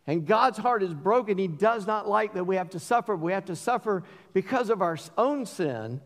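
A man preaching a sermon as pastor, earnest, dropping to a hush on key lines and rising when he pleads. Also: high voice, lively intonation, moderate pace. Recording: long hall reverb.

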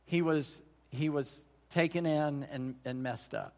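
Unhurried and a little high-pitched, a middle-aged man preaches to his congregation from a church sanctuary. His sermon sounds folksy and conversational, with frequent restarted sentences, all wrapped in long reverb from the hall.

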